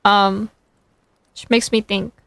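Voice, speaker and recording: A woman's voice: medium pitch, level tone, slow, gravelly, a bit bright, dry recording. A woman streamer reading fan fiction aloud on a desk mic, breaking off for amused, self-mocking asides.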